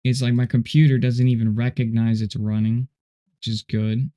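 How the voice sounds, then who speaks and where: Male streamer, relaxed and rambling, mellow low-key voice, chats to his viewers while he works. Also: moderate pace, clean tone. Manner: rambling, laid-back, says dude and you know a lot. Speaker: livestream host. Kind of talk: casual livestream chat while coding.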